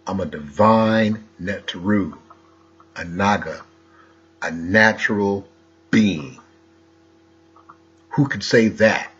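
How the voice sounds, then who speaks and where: Husky low-voiced guy preaching slow, lo-fi sound, lots of rhetorical questions. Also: fairly bright tone. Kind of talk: rambling wordplay monologue.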